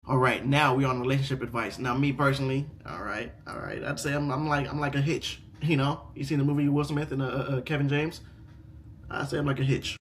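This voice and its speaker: A young man hosting a casual reaction video who reads online stories aloud and then rants about them. He repeats himself and swears freely, swinging from loud outbursts to low mutters. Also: steady tone, moderate pace, long pauses.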